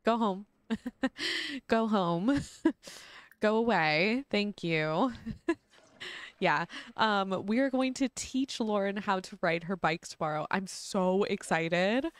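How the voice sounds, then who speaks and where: A woman's voice: medium pitch, lively intonation, slow pace, pauses often, no echo. A young woman casually narrating her life-sim gameplay, chatty and giggly with lots of ums. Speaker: gaming channel host. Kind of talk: casual let's-play narration.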